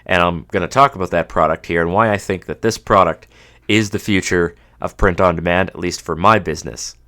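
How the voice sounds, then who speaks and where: Male podcast host, 30s, from Canada, very low voice, congested, wry casual monologue. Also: fairly quick, sharp tone. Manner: dry, self-mocking humor. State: stuffed up from a cold.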